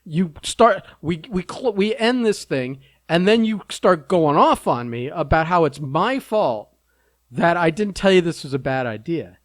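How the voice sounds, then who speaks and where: A man's voice: on the high side, lively intonation, unhurried, dry recording. A man hosting a podcast in a teasing, joking way who laughs often. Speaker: podcast host. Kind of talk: casual chat.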